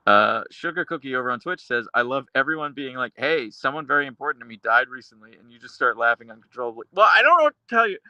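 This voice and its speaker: A man hosting a live stream, reading chat aloud and answering with dark, deadpan humor and frequent laughs. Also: medium pitch, fast, hardly any pauses, no echo, dull audio. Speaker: livestream host reading chat.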